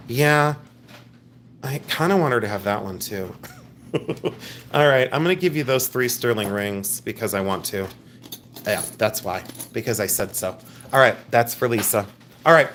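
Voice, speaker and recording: A man's voice: mid-range voice, fairly bright tone, a little hiss or hum. A man hosting a live jewelry sale stream, talking in a chatty, rambling, jokey way and showing affection toward his viewers. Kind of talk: casual live sales stream.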